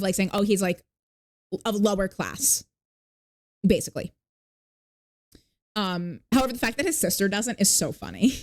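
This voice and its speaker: A woman streamer chatting casually with her viewers. She rambles with lots of fillers, swears freely and stops to thank new followers. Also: mid-range voice. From not New York. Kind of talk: casual live-stream chat.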